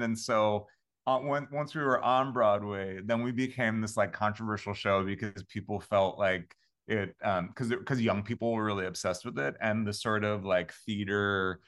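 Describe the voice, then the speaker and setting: Low-voiced man telling rambling stories. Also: steady tone, normal speed, fairly bright tone. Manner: rambling, many fillers and restarts, laughs often. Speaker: composer and podcast guest. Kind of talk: casual interview storytelling.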